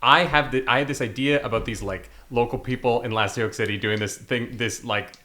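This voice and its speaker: A man hosts a casual talk as game master, his voice bright and forward. He rambles and restarts his sentences, laughing between thoughts. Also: medium pitch, fairly even intonation, brisk. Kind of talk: casual podcast chat.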